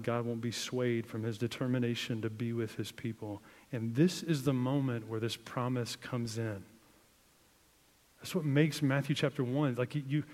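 A man preaching a sermon in a casual, conversational way, full of "like", swinging between emphatic outbursts and quiet, hushed passages. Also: medium pitch. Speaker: pastor. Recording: long hall reverb.

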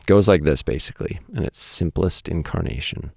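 A man's voice: big pitch swings, moderate pace, a little mellow, no echo, clean studio sound. A man in his thirties reading his own essay to listeners in a casual, wry, self-deprecating way, with blunt asides. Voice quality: very deep gravelly voice. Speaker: podcast host reading his weekly writing.

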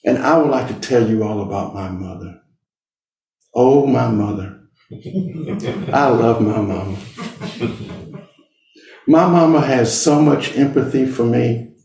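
Slow, earnest middle-aged man, roomy distant sound. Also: medium pitch, gravelly, a little mellow. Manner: slow, deliberate, earnest, with long pauses. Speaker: speaker. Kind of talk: personal storytelling talk.

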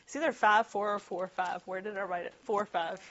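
A woman's voice: mid-range voice, fairly even intonation, fairly quick, a bit bright, muffled recording. A woman teaching a group Bible study in a casual, conversational way, laughing often and tossing in asides.

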